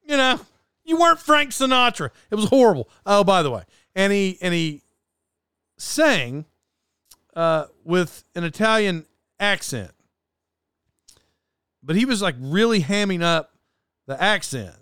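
A man spins a meandering story in an easygoing monologue, tripping over his own restarts and laughing as he goes. His voice sits a bit high and comes across smooth, recorded close and dry with no room around it. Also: animated, a little slow, pauses often, a bit bright, no echo. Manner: rambling, self-doubting, laughs often, many restarts.

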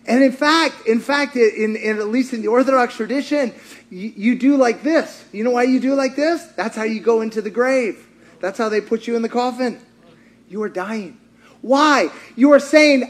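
Male pastor, high voice, animated sermon delivery that jumps from shouting to near-hush, preached in a church. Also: moderate pace. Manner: animated, swings between shouting and hushed.

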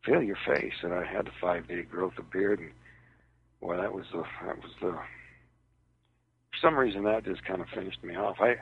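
A man recounting a personal ordeal as an interview guest, in a halting, hesitant way, heard over a tinny phone line on radio. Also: deep voice, steady tone, breathy edge.

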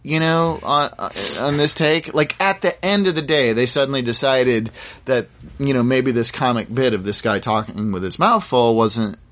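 A man's voice: medium pitch, normal speed, a bit bright, a little hiss or hum. A man in casual chat, telling a story from a shoot with lots of fillers and restarts. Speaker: guest actor.

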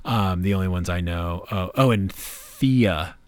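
A man's voice: deep voice, measured pace, dry recording. A man co-hosting a casual chat, trading wry jokes and asides. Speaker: podcast co-host.

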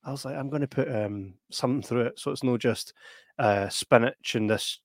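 Sweary laughing Scottish podcast host. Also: male voice, mid-range voice, moderate pace, no room sound, clean studio sound. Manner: sweary, laughing, animated storytelling. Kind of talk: casual chat.

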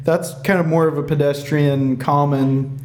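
A man's voice: a little high, fairly even intonation, a little slow, darkish tone. A man co-hosting a podcast, asking casual, friendly and self-deprecating questions in a tasting room. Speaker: podcast co-host. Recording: roomy tasting room, faint hum.

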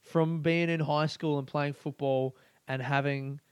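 A young Australian man with an Australian accent hosting a podcast, ranting excitably, swearing a lot and laughing often. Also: fairly high pitch, measured pace, clear, resonant tone, no room sound, studio quality. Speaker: podcast host. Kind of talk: casual podcast rant.

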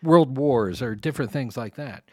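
A man's voice: medium pitch, moderate pace, warm tone, dry recording. A man co-hosting a podcast, chatting casually and teasing his co-host. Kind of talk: casual chat.

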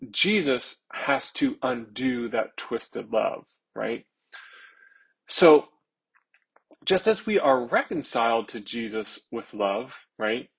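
Male pastor, earnest sermon delivery, gravelly and husky tone. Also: medium pitch, low-quality recording. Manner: earnest, stretching key words slowly for emphasis.

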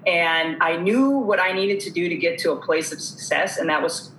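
A woman's voice: lowish voice, normal speed, a bit bright, roomy sound, a little hiss or hum, rough recording. A woman guest telling her story earnestly, acting out the dialogue she quotes. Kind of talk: conversational storytelling.

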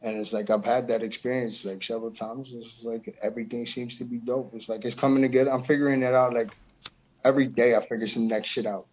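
A man in relaxed conversation, full of slang and casual swearing, at an ordinary pitch. The sound is a bit dull and lo-fi. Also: quick pace, slightly rough. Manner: loose slangy talk, swears often, says bro a lot. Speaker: musician guest. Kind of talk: casual chat.

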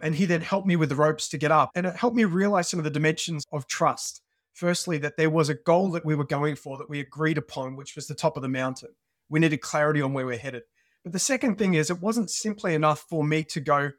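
A man with an Australian accent, a podcast guest who tells stories in an animated conversational way. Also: on the high side, fairly quick, no room sound, clean studio sound. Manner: animated storyteller. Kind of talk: conversational interview.

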